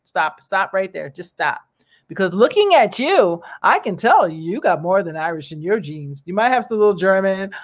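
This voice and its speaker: A person delivering a casual opinion monologue to viewers, animated and exclamatory, with slangy asides and lots of fillers. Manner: animated, slangy and exclamatory, with big pitch jumps.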